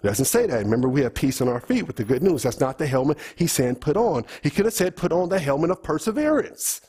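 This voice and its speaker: A man's voice: medium pitch, sing-song, fast talker, mellow, slightly rough. A middle-aged man preaching a teaching sermon in a church, asking the congregation questions as he goes. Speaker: pastor.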